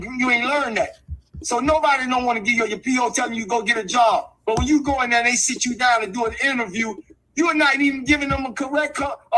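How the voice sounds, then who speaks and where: A man's voice: very high-pitched, bright, forceful tone, a little hiss or hum, poor audio. A man talking in an impassioned, street-wise way, hammering his points with repetition like a lecture. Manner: emphatic and repetitive, preachy.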